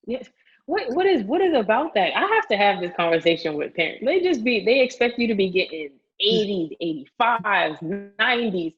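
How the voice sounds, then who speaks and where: A woman teacher talking casually on a podcast, telling animated stories full of "like" and laughter. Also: medium pitch, normal speed, breathy edge, highs cut off. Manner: animated storytelling, frequent "like", laughs often. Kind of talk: casual conversation.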